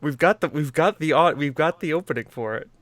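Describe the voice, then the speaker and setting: A man's voice: a little high, fairly quick, no echo, clean studio sound. Laughing, swearing American podcast guy. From United States. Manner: swears freely, laughs often, animated storytelling. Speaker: podcast co-host. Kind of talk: casual chat.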